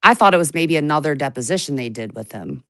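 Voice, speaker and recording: A woman with a fairly low voice co-hosts a loose live chat, teasing her partner in quick bursts. Her voice sounds dry and close to the mic. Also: expressive, a bit bright, no room sound. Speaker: co-host.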